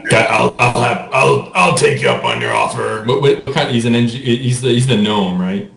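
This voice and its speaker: Low gravelly guy, stammery, roomy echo with faint noise. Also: normal speed, a bit bright. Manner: hesitant, stammering. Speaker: player. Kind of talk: casual tabletop play.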